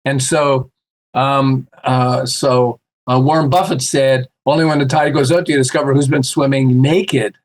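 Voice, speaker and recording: A man guesting on a podcast, telling stories in a casual, animated way and acting out the voices of the people he quotes. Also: mid-range voice, normal speed. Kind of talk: casual storytelling chat.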